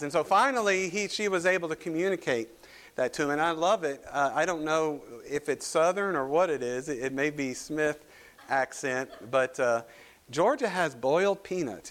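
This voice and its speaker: A man's voice: on the high side, a bit bright. A male pastor preaching a sermon, telling folksy stories with southern turns of phrase before reading scripture and praying. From Kentucky. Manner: folksy storytelling with southern expressions. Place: church sanctuary.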